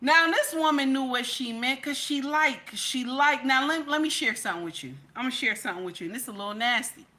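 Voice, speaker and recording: Talking a little fast with hardly any pauses, a woman with a high, pushed, bright voice delivers chatty, emphatic commentary to her viewers. She repeats "okay?" throughout and addresses them directly as "baby" and "y'all."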